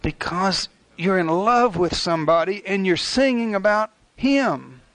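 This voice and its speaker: Older male preacher, folksy conversational sermon, fairly high pitch, dry sound. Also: lively intonation, measured pace, fairly bright tone, no room sound. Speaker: pastor.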